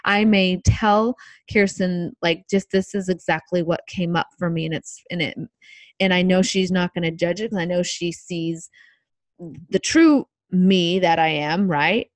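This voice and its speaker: A woman co-hosting a podcast, speaking in a reflective, measured way and quoting bits of conversation. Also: lowish voice, no room sound. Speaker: podcast co-host. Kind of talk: casual podcast chat.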